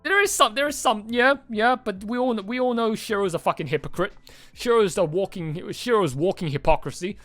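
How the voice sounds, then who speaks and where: A man hosting a movie reaction video, talking excitedly and rambling, with frequent swearing and restarts. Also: high-pitched, a little fast, no echo, soft background music. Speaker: reaction channel host. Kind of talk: casual movie reaction chat.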